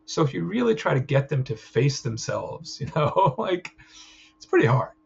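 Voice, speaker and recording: A man's voice: a little high, very animated, moderate pace, gravelly, slightly rough. Man giving a chatty clinical training lecture. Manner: conversational, frequent "right?" check-ins. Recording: slightly dull sound with faint ambience.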